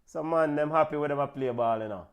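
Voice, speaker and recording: A man with a Jamaican accent hosts a relaxed football watch-along chat. His voice sits a little high for a man, and he gets excitable, calling out players and sending big-ups to listeners. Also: fast talker, clear, resonant tone. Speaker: football show host.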